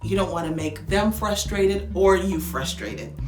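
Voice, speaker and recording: A woman's voice: on the low side, measured pace. Woman, speech language pathologist, upbeat coaching tone, echoey room, faint music behind. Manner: upbeat, coaching, demonstrates with lively exaggerated tones. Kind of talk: instructional talk to parents.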